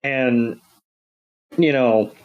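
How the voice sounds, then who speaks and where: A male podcast co-host, recapping an episode in loose, rambling casual chat at a mid pitch. He fills gaps with "um" and "you know" and slips into goofy voices for the characters. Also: extremely slow, muffled recording. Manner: rambling, many fillers, acts out quotes in silly voices.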